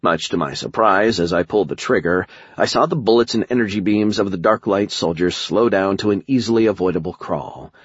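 Deep, husky-voiced wry male narrator. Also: brisk, few pauses, dry recording, dull audio. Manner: wry, sardonic. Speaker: audiobook narrator. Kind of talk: first-person audiobook narration.

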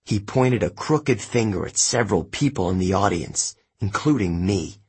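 A man narrating an audiobook in the first person, telling the story in a plain, measured way. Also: on the low side, lively intonation, darkish tone, husky.

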